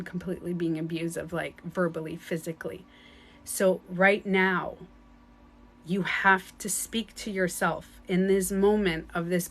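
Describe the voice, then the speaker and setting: A woman with a lowish voice speaks as a spiritual coach in a casual motivational talk. She's blunt and emphatic, swears casually and often repeats herself.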